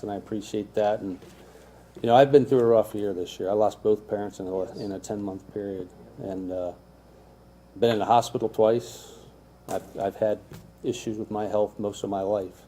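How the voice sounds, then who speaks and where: A man's voice: on the low side, warm tone. A middle-aged man, a school official, speaking sincerely and from the heart at a council meeting. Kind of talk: public meeting remarks. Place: council chamber. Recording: faint room noise, council meeting.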